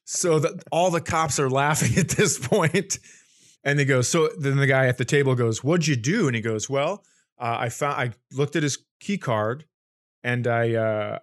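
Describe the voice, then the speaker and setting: A man in casual podcast conversation, telling a long comic anecdote at a middle pitch. He acts out the people he quotes and laughs along the way. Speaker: comedian guest.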